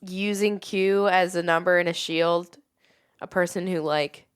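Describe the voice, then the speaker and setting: A woman co-hosting a podcast in casual chat, relaxed and talking in loose run-on thoughts. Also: fairly low pitch, a little slow, smooth. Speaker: podcast co-host.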